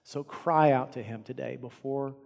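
A man preaching a sermon as a pastor, impassioned, swinging from loud to hushed. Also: mid-range voice, steady tone, moderate pace, gravelly. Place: church auditorium. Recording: long reverb of a large hall.

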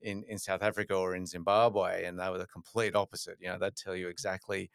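Podcast host, male, very deep and smooth voice, conversational with long questions. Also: level tone, fast talker, fairly bright tone, dry recording, studio quality. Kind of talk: interview questions.

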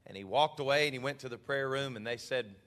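A male pastor telling stories in a sermon, then building to passionate shouted preaching in a church. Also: medium pitch, fairly quick, long reverb tail.

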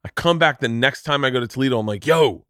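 A man hosts a casual podcast, spinning comedic stories full of swearing. He acts out the voices of the people in them with animated energy. The sound is dry and close to the mic, at a middle pitch. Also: racing, clear, resonant tone, no echo. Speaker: podcast host.

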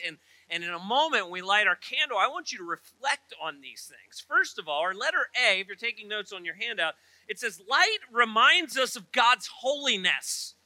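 Pastor guy, middle-aged, high bright voice, joking around mid sermon. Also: dry recording, low-quality recording. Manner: humorous storytelling, chatty asides. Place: church auditorium.

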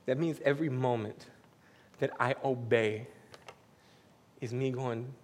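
A man preaching a casual, heartfelt sermon that moves between hushed whispers and loud, emphatic passages. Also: medium pitch, steady tone, a little slow, pauses often. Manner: casual, uses "man" and "y'all". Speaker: pastor. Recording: hall with faint background noise.

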